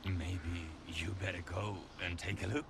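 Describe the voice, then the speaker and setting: An actor voicing a bored, gruff male police officer in a video game, making drawling, mocking remarks. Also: low-pitched, steady tone, normal speed, fairly bright tone.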